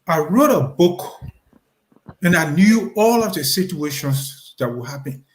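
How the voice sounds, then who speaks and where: A man's voice: high-pitched, echoey room. A middle-aged man from Liberia, a former official giving an impassioned, emphatic closing statement as an interview guest. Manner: emphatic, repetitive, rising in intensity.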